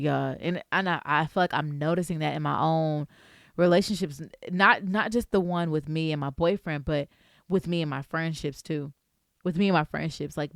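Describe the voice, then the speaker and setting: A woman vlogger giving a casual faith talk, lively and playful, speaking straight to the viewer. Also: low-pitched, gravelly, no room sound, clean studio sound.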